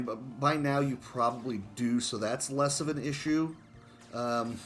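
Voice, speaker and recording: Chatty man commenting on his game run. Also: medium pitch. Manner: chatty and self-mocking, with frequent chuckles. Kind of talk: casual gameplay commentary.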